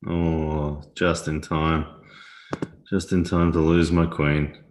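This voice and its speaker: A man with an extremely deep, low voice talks casually through a live stream, laughing easily and answering viewers as he plays chess. The room around him adds a noticeable echo. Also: flat delivery, takes it slowly. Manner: chatty, laughs often, reads viewer comments aloud. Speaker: livestream host. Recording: roomy echo.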